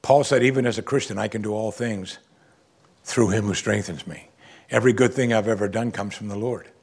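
A man preaching a sermon, swinging from quiet low asides to loud emphatic exclamations. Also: brisk, breathy edge. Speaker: pastor.

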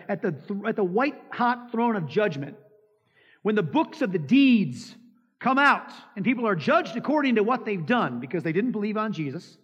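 A pastor preaches with emphasis, posing rhetorical questions to the congregation and acting out quoted lines. His voice is high-pitched and a little bright, with a breathy edge. The recording is dull and lo-fi, with a long hall reverb.

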